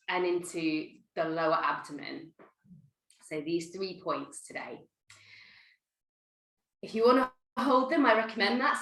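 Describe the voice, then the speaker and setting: A woman teaching a guided breathwork class, giving gentle, playful instructions. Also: lowish voice, reverberant, rough recording. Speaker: yoga teacher.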